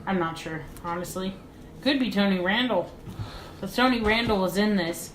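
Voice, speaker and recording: A woman co-hosting a casual movie podcast, chatty with quick interjections, recorded at someone's home. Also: mid-range voice, a bit bright, roomy sound, slight background noise. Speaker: podcast co-host. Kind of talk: casual movie review chat. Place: guests' home, remote location.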